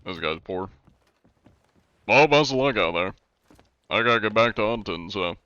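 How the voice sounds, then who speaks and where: A man streaming a game live, chatting in a relaxed, rambling way and swearing casually. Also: on the low side, normal speed, smooth, dry recording, muffled recording. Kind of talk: casual live-stream chat while gaming.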